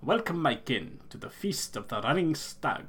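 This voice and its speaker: Reading a game character's lines aloud for gameplay voice-over, an older man voices a solemn old clan elder with a put-on accent in a full character voice. His pitch is fairly high and sing-song, a bit bright and husky, at normal speed.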